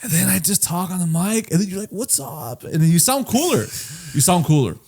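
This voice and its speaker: A man's voice: sits high, lively intonation, brisk, gravelly, a little mellow. A man co-hosting a podcast in casual chat, teasing and laughing and swearing freely. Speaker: podcast co-host.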